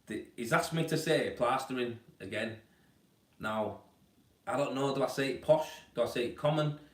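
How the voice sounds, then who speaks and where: A man's voice: medium pitch, normal speed. A man hosting a casual live-stream Q&A about plastering, talking in a chatty, blokey way and calling viewers mate, at home indoors. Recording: roomy, distant from the mic.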